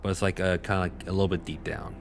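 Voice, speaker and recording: A man narrating as game master for a tabletop game, in a relaxed manner full of fillers. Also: sits low, fast talker, music in the background.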